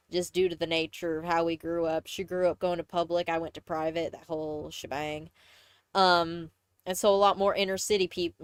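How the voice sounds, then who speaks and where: A woman's voice: on the low side, fairly bright tone, smooth, no echo. Rambling Southern-accented woman streamer. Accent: mixed Southern and Midwestern US. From Texas, USA. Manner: rambling, self-correcting, chatty. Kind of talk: casual live-stream chat, reading aloud.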